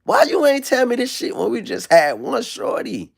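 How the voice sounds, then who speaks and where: A man putting on the voice of a famous athlete, an indignant husband pleading with his wife in a high, shouting voice. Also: wildly swooping pitch, moderate pace, vocal fry, slightly rough, exaggerated voice.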